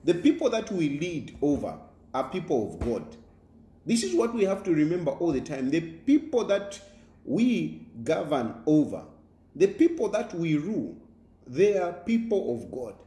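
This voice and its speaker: A man's voice: on the high side, wildly swooping pitch, unhurried, dark tone, reverberant. A Zambian man and politician giving an emphatic, repetitive political monologue with a preaching tone and many fillers.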